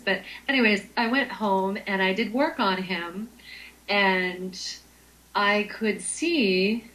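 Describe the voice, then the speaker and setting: Slow-talking woman, unhurried and thoughtful. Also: mid-range voice, a bit bright, poor audio. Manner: slow, unhurried, many ums. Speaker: guest, Reiki teacher. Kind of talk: casual interview chat.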